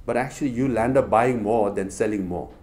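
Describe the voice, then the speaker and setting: A man's voice: on the low side, brisk. A middle-aged man with a Tibetan accent, giving a public talk to a university audience and telling stories with rhetorical questions. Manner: animated storytelling with rhetorical questions. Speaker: public speaker.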